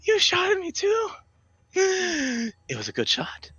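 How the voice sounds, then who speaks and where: A man voicing an unhinged creature that mimics a friend, pleading in a shrill, sobbing, giggling voice. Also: wildly swooping pitch, slow pace, pushed and bright, no echo, highs cut off, full character voice. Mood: manic, mocking.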